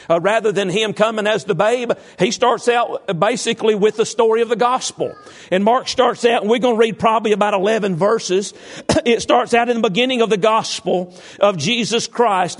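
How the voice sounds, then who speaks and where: High-voiced male pastor; church sermon, solemn scripture reading, chanting prayer cadence. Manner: preaching cadence, repeated "Lord" and "dear God" in prayer; King James scripture read slowly and solemnly. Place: church sanctuary.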